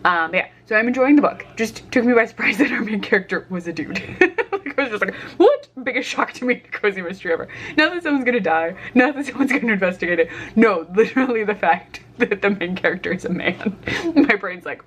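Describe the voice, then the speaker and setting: A woman's voice: mid-range voice, quick pace, few pauses, a bit bright, slight background noise. A young woman chatting casually about her reading at home while cooking lunch, with many fillers and frequent laughs. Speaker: book vlogger. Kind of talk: casual reading vlog chat.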